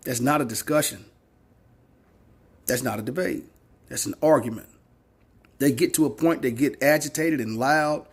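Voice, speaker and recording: A man's voice: medium pitch, moderate pace, long pauses, breathy edge. A man in his forties giving a blunt, preachy opinion monologue, repeating his points for emphasis and swearing freely. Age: 40s. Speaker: social media commentator.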